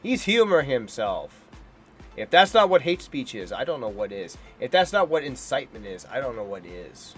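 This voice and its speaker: A man's voice: mid-range voice, sing-song, moderate pace, fairly bright tone, husky, soft background music. A man giving heated, scornful reaction commentary on a debate clip. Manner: indignant, heated and scornful, ranting. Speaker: political commentator.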